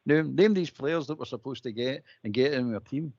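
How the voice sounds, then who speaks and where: A Scottish man with a gravelly, fry-edged voice holds forth on a fan phone-in show. He is blunt and emphatic, hammering his points home by repeating them and calling everyone mate. The sound is dry and dull, like a lo-fi recording. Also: mid-range voice, moderate pace, darkish tone, dry recording. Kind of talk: casual opinionated chat.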